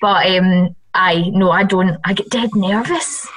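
A woman's voice: medium pitch, measured pace. A Scottish woman, a radio presenter guesting on a podcast, chatting in a self-deprecating way. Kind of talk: casual chat.

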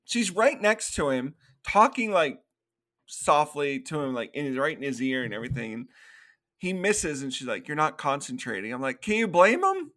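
A man with a bright, forceful voice co-hosts a casual podcast. He walks through film scenes and breaks into quick acted-out quotes, laughing often as he goes. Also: medium pitch, lively intonation. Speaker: podcast co-host. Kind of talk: casual movie recap chat.

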